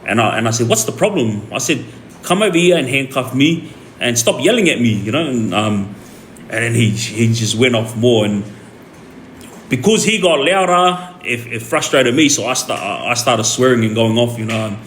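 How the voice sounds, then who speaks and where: An older man telling a story casually on a livestream, acting out the shouting of the people in it with lively jumps in his voice. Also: mid-range voice, moderate pace. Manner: animated retelling, acts out the police shouting. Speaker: streamer. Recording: echoey room with faint ambient noise.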